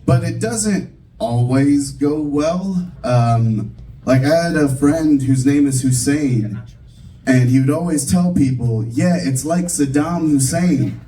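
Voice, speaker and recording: A young man does a stand-up set in a comedy club, speaking casually, poking fun at himself and using plenty of fillers. His medium-pitched voice is slow and warm, captured from a distance in the room with faint music in the background.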